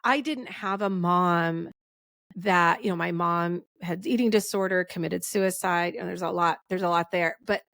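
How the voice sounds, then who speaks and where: A woman's voice: lowish voice, a little slow, creaky, a bit bright, no room sound, clean studio sound. A woman in her forties hosting a casual podcast conversation. She talks in a rambling, heartfelt way and often restarts her sentences. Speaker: podcast host.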